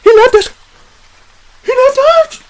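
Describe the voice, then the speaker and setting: A man voicing a scared young girl with a shrill, panicky voice. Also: fast. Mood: panicked. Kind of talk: comedic script reading.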